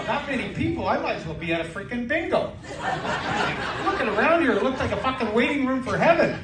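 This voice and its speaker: A man in his sixties doing a stand-up comedy set with brash, crude punchlines on a club stage in a casino. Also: very high-pitched. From Canada. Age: 60s. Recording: roomy live club sound from a distance with crowd noise.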